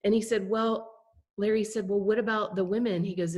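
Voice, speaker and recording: A woman's voice: mid-range voice, fairly even intonation, fairly quick, darkish tone. A woman presenting a class over a video call, telling a story conversationally and checking in with her listeners. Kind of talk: storytelling lesson.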